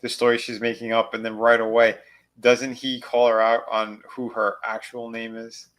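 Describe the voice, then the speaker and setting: A co-host in a casual chat, mostly giving short replies and quick asides. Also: medium pitch, completely flat delivery, fairly bright tone. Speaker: podcast co-host.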